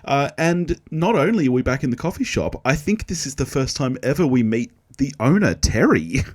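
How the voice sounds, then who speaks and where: A man's voice: medium pitch, very animated, moderate pace, no echo, studio quality. A man co-hosting a podcast, joking, laughing often and poking fun at himself. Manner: jokey, laughs often, self-deprecating. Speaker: podcast co-host. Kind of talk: casual chat.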